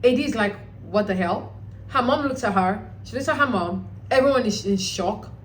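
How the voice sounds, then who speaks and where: A woman hosting a reality show recap, talking casually in an animated, blunt way with some swearing. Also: on the high side, brisk, slight background noise, low-quality recording.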